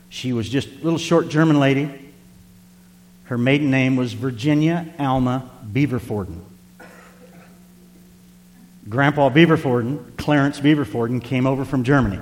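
Older male pastor, tender storytelling sermon. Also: mid-range voice. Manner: storytelling, tender and earnest, addressing the congregation. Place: church sanctuary. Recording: long hall reverb.

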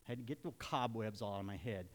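A man's voice: on the low side, brisk, big-room sound. An older man preaching a sermon in a church, folksy and confessional, building to emphatic points. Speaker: pastor. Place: church sanctuary.

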